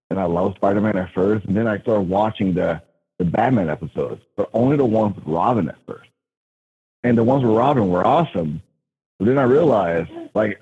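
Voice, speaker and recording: A man's voice: fairly low pitch, a little mellow, breathy edge. A man calling in to a podcast, chatting in a laid-back, joking way. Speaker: caller. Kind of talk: phone-in chat. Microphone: telephone. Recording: tinny phone line.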